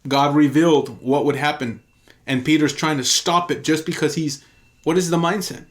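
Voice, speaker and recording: A man's voice: on the high side, fairly even intonation, moderate pace. A man, a pastor, teaching in an earnest and emphatic sermon style, telling a story and repeating key phrases for emphasis.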